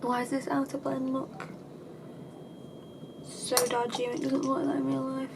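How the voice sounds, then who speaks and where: A high-pitched woman talks through her makeup tutorial in a loose, chatty way. She is self-deprecating and slips into dry sarcasm. A clear hum of background noise sits under the home recording. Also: little pitch movement, normal speed. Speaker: beauty vlogger. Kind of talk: casual makeup tutorial chat.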